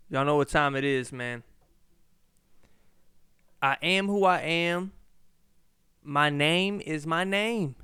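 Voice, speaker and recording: A man's voice: high-pitched, expressive, unhurried, fairly bright tone, clean tone, no room sound, clean studio sound. A young man hosting his own podcast, talking in a loose, rambling monologue with a slight lisp, often asking himself questions and swearing freely. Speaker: podcast host.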